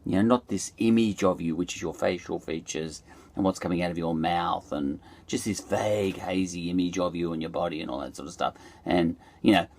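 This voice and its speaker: A man's voice: low-pitched, fairly quick, a little mellow. A middle-aged Australian man musing aloud in a loose, digressive monologue, full of fillers and restarts. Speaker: podcast host. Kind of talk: rambling reflective monologue.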